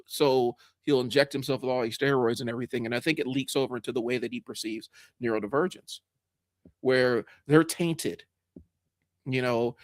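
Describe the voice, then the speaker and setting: A man's voice: mid-range voice, dry recording, clean studio sound. A man with a head cold hosting a live stream, talking frankly in a rambling way, with fillers, restarts and the odd swear. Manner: frank, rambling with many fillers and restarts, greets chat viewers; swears when angry. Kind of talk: casual live stream monologue.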